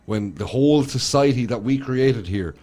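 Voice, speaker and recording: A man's voice: mid-range voice, moderate pace, a little mellow, faint music behind. An Irish man co-hosting a podcast, arguing his points in an emphatic, casual way. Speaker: podcast co-host. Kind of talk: casual chat.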